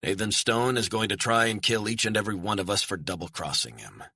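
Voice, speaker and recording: A male narrator plays a tense intelligence chief, grim and urgent. The delivery is forceful and husky, in a dry, close recording. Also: fairly low pitch, a little fast, no room sound, pitched above the performer's own voice, exaggerated voice.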